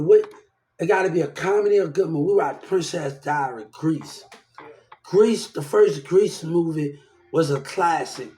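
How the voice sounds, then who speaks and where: Heated young man with a high voice. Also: darkish tone, reverberant. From New Orleans, Louisiana. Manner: rambling, heated, swears often. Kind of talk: casual ranting monologue.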